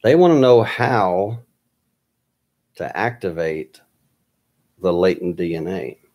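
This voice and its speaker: A man telling a personal story in a halting way, pausing often with fillers and restarts. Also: deep voice, animated, a little mellow.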